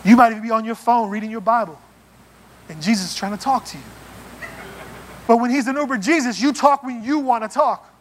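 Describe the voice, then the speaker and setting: A man preaching a sermon in a church, animated and playful, acting out little scenes as he goes. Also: very high-pitched, brisk, pauses often, slight background noise. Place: church sanctuary.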